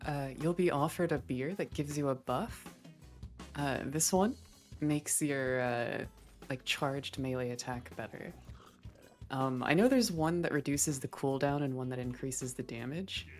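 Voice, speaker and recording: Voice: medium pitch, a little slow, soft background music. A player explaining game items casually, with many fillers. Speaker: experienced player. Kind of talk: casual gaming chat.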